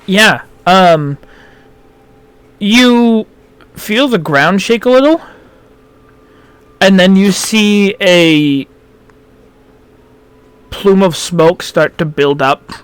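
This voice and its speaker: A man narrating as game master in a tabletop game, halting with many fillers. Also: sits high, a bit bright, clean tone, no room sound.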